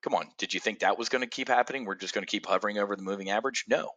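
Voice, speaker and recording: A man's voice: on the low side, very fast, pushed and bright. A middle-aged man hosting a live trading show, giving blunt, profane market commentary and answering viewers by name. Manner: addresses viewers directly by name.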